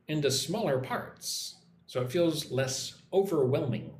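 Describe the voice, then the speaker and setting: A man teaching English on a live stream, slowly modeling pronunciation and reading viewer comments aloud. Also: a little high, lively intonation, echoey room, a little hiss or hum.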